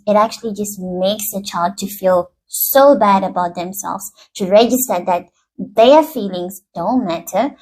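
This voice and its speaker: A woman's voice: mid-range voice, rough recording. A woman speaking earnestly to camera about relationships, explaining her points through examples. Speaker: relationship and self-help speaker. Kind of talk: self-help teaching to camera.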